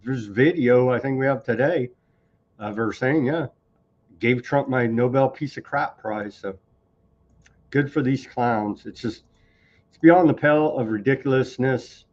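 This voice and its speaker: A man's voice: medium pitch, highs cut off. A man hosting a live news commentary stream, talking casually with sarcastic, scornful asides and rambling restarts. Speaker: news show host.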